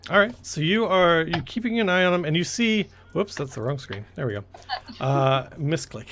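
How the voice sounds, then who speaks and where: A man acting as game master narrates a tabletop game, rambling with lots of fillers and restarts. His voice is on the high side and animated, at a moderate pace, with background noise present.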